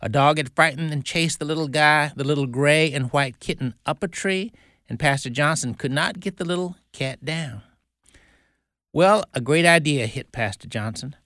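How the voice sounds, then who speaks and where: A man's voice: on the high side, moderate pace, bright, forceful tone, dry recording, studio quality. A man hosting a Christian radio show, telling a story in an earnest, folksy way.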